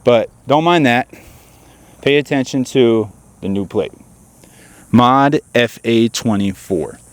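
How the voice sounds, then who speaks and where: A man's voice: medium pitch, animated, takes it slowly, dry recording. A man hosting a car channel, chatting casually to his viewers while standing outdoors beside his car. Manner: chatty, addresses viewers directly. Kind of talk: casual vlog chat.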